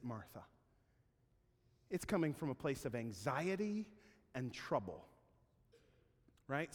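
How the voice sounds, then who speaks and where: Slow, conversational male preacher in a hall. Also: fairly high pitch. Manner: conversational and humorous, with frequent tag questions. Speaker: pastor. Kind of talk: sermon. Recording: long hall reverb.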